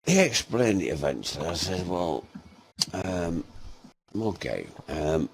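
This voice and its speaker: A man's voice: extremely low pitch, sing-song, measured pace, gravelly. Sweary older man telling tales. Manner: swears constantly, acts out both sides of dialogue, laughs often. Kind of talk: rambling comic anecdote.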